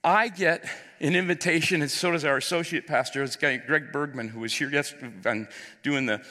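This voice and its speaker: A man's voice: on the high side, steady tone, a little fast, sharp tone. A man, a pastor, telling a personal story during a sermon in an earnest, heartfelt way. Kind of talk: sermon testimony. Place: church auditorium. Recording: long hall reverb.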